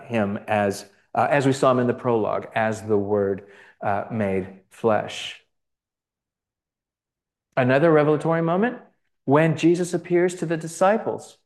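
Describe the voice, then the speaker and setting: His voice is fairly low and a little mellow. This Bible teacher lectures casually on gospel icons, with many fillers, restarts and side remarks, regularly checking in by asking "right?".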